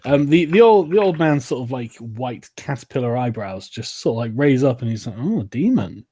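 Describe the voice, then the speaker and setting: Mellow, husky game master narrating. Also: male voice, mid-range voice, fairly quick. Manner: relaxed descriptive narration with fillers.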